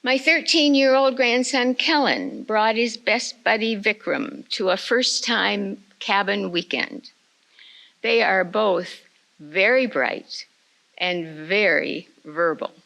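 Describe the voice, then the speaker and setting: An older woman giving a retreat talk, telling a family story in a slow, measured way. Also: medium pitch, gravelly, a bit bright, rough recording. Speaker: retreat speaker.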